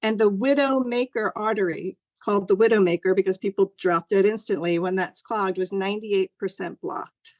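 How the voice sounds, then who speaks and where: A woman's voice: mid-range voice, normal speed, few pauses, darkish tone, dry recording. A middle-aged woman telling a personal story over a video call, earnest and rambling with lots of fillers. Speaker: guest sharing a personal story.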